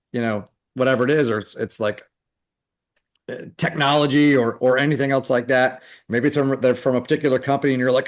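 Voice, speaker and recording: Man, webinar coach, rambling and casual, middle pitch, video call. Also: fairly even intonation, quick pace. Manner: loose, rambling talk full of fillers and restarts. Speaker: recruiting coach. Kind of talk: live webinar coaching session.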